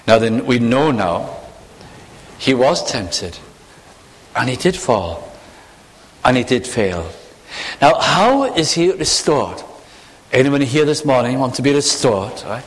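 Animated preacher in a ringing hall. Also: male voice, medium pitch, slow, pauses often. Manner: animated, searching, rhetorical questions to the congregation. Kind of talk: sermon.

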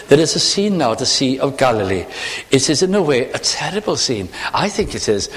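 A male preacher delivers a sermon in a lively voice that swoops up and down. He keeps asking the congregation questions. His words hang in a long reverberant hall. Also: medium pitch. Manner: animated, searching, rhetorical questions to the congregation.

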